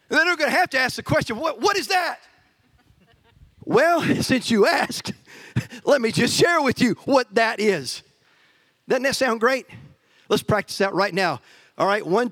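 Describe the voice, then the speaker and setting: A male pastor preaching a sermon with emphatic, energetic delivery and playful asides to the congregation. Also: extremely high pitch, no room sound.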